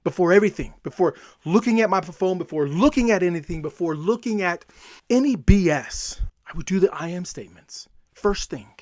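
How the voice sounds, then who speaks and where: A male motivational coach with a fairly high voice and energetic delivery. He keeps coming back to the same phrases for emphasis. The sound is dry and close, with no room around it. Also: brisk, no room sound. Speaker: self-help coach. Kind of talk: motivational talk.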